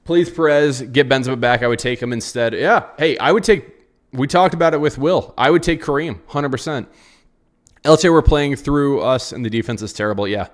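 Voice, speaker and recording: A young man reacts live after a football match in an even, mid-pitched voice. He sounds frustrated and rambles, circling back over the same phrases and answering viewers' comments as they come in. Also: moderate pace. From United States. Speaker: football channel host. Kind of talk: live post-match reaction reading chat.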